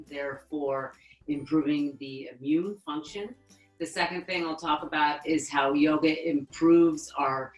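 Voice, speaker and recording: A woman yoga therapist teaching a calm, instructive webinar lesson and slowly counting breaths for guided breathing practice. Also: deep voice, reverberant, rough recording. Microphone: webinar microphone.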